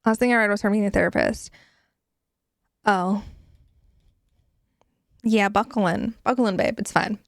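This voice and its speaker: A woman's voice: mid-range voice, steady tone, moderate pace, vocal fry, pauses often, no room sound, clean studio sound. A woman streamer chatting casually with her viewers, giggly and playful, with casual swearing.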